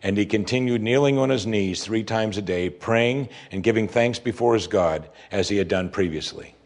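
A man's voice: lowish voice, normal speed. A man preaching a sermon, reading scripture aloud and commenting on it with rising emphasis. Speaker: pastor.

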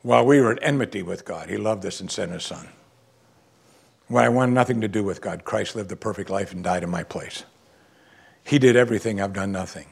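A man preaching a sermon, swinging from quiet low asides to loud emphatic exclamations. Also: fairly quick, gravelly, breathy edge. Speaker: pastor.

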